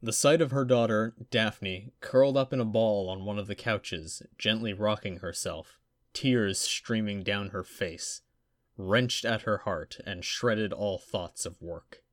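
A man narrating fiction aloud in a steady, even storytelling manner. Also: lowish voice, a little slow, no room sound, clean studio sound. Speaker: audiobook narrator.

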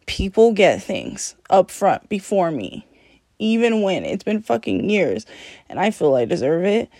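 Alone on her own podcast, a woman talks candidly, swearing freely, poking fun at herself and laughing a lot. Her medium-pitched voice is mellow and very animated, and she takes her time.

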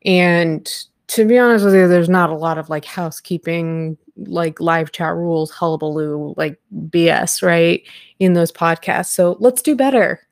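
A woman's voice: fairly low pitch, measured pace, dry recording, clean studio sound. A woman in her thirties hosting a casual live podcast from home at her computer, chatting and rambling with frequent laughs. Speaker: podcast host. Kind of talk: casual live-stream chat.

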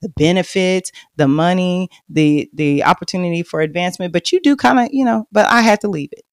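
A woman's voice: lowish voice, fairly quick, no echo, studio quality. Chatty Texan woman telling her story. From Texas. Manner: chatty and confiding, lively and loud when bragging, hushed and reflective later. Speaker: podcast host. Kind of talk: personal storytelling monologue.

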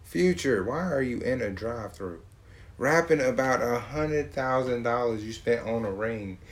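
A man from Georgia, talking in a profane, mocking, animated casual rant. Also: mid-range voice, moderate pace.

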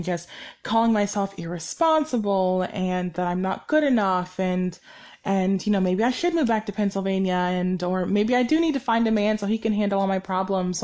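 A woman's voice: mid-range voice, a little mellow. Candid, rambling young woman host. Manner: candid, rambling, self-correcting. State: sleep-deprived. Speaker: podcast host. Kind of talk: personal reflective monologue.

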